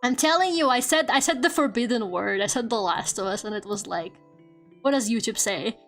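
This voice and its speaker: Young woman streamer, high bright voice, loose swearing chatter, soft music under. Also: a little fast. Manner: animated, swearing, laughing, reading chat aloud. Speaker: VTuber art streamer. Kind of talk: casual stream chat. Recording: faint music behind. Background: faint background music.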